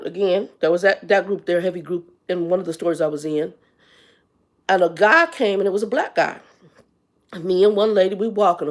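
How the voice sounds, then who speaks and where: A blunt, exasperated woman in her fifties, ranting on a live stream as the channel's host. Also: fairly low pitch. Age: 50s. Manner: blunt, exasperated, talks straight to viewers. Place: Arizona.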